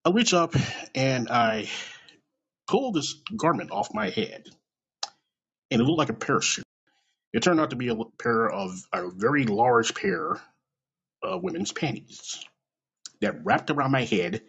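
A man's voice: medium pitch, a bit bright, husky, highs cut off. A man telling a comedic personal story in a casual, profane, self-deprecating way.

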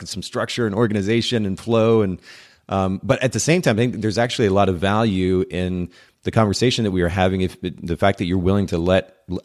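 A man hosting a podcast, chatting casually with a guest on a video call and often restarting his sentences. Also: low voice. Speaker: podcast host. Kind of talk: casual interview chat. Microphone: remote call with guest over Zoom.

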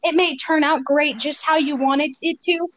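A woman's voice: high-pitched, fairly even intonation, moderate pace, low-quality recording. A woman co-hosting a casual podcast chat, teasing and joking with a giggly manner. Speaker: co-host.

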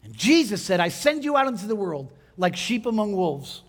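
A man's voice: sits high, very animated, moderate pace. A man preaching a sermon to his congregation, conversational and direct, asking them questions and building to emphatic points. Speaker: pastor.

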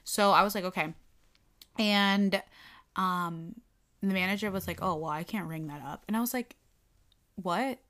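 A woman's voice: on the low side, normal speed. A young woman in casual conversation, animatedly retelling a bad day at work and acting out the quotes. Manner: animated, lots of "like", acts out quotes. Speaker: storyteller recounting a work incident. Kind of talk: casual chat.

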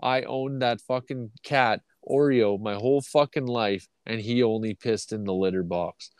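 A man's voice: medium pitch, moderate pace, no room sound. A man from Canada telling long, rambling, profane stories in a casual podcast chat. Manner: profane, rambling anecdotes with acted quotes. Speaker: podcast co-host.

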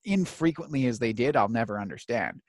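A man's voice: medium pitch, expressive, a little fast, slight background noise. A man in his thirties telling stories in casual chat, swearing freely and acting out the voices of people he quotes. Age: 30s.

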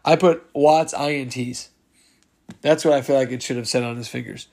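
A man's voice: medium pitch, steady tone, normal speed, creaky, darkish tone. A man hosting a casual solo sports podcast, chatting as he reads out listener replies and laughs along with them. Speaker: podcast host.

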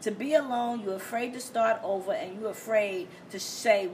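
A woman's voice: medium pitch, normal speed, a little mellow, a little hiss or hum, low-quality recording. A woman co-hosting a casual chat, speaking emphatically and acting out quoted lines. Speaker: co-host.

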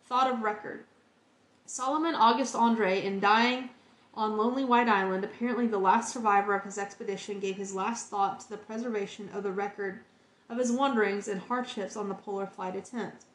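A woman's voice: medium pitch, steady tone, fairly quick, reverberant. A woman hosting a podcast, reading encyclopedia entries aloud in an earnest, heartfelt way. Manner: earnest, emotionally moved reading.

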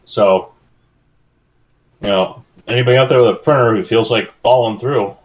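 A man's voice: medium pitch, moderate pace. A man on a casual podcast, telling stories in a rambling, meandering way. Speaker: podcast co-host. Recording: dull lo-fi sound.

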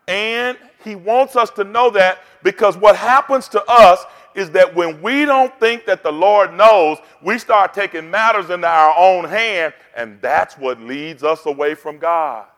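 A man's voice: sits high, fairly bright tone. A pastor preaching a sermon, rousing and call-and-response in his delivery. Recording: long hall reverb.

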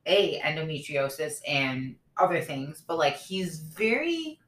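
A woman's voice: low voice, measured pace. A woman in her thirties co-hosting a casual podcast, telling a personal story candidly and acting out the lines of the people in it. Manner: candid storytelling, animated retelling of dialogue. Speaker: podcast co-host. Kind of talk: casual chat. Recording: echoey room.

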